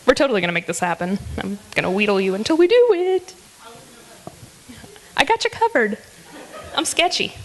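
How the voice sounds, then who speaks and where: A woman's voice: fairly high pitch, big pitch swings, normal speed, long pauses. A woman hosting a live comedy roast, teasing speakers with a giggly, filler-heavy delivery. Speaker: roast emcee.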